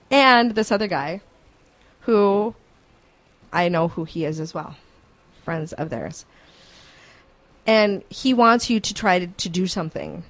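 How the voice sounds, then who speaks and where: Woman, radio host, animated storyteller, casual studio chat. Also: mid-range voice, slow pace, long pauses.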